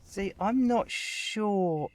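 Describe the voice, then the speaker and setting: A man speaking as a guest voice actor in a conversational interview, chatty and animated as he explains his work at length. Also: sits high, extremely slow.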